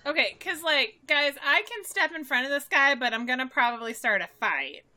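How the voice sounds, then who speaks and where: An eager woman playing a tabletop game who keeps asking questions. Her voice sits a bit high and sounds bright and crisp. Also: animated, normal speed. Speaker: player. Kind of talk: casual game play.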